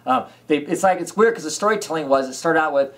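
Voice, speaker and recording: A man's voice: a little high, animated, fast, a bit bright. A man co-hosting a casual comic book chat, rambling and hesitant, with frequent restarts. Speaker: podcast co-host. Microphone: camera mic.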